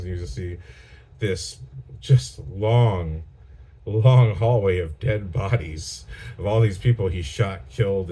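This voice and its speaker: A man's voice: sits low, mellow. A filmmaker talking casually about a film he watched, rambling and enthusiastic with many restarts. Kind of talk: casual chat.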